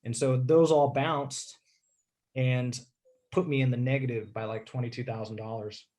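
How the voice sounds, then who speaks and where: A man telling a personal story in a casual interview, candid and rambling, often clearing his throat and saying "dude". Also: mid-range voice, fairly even intonation, normal speed, a little mellow.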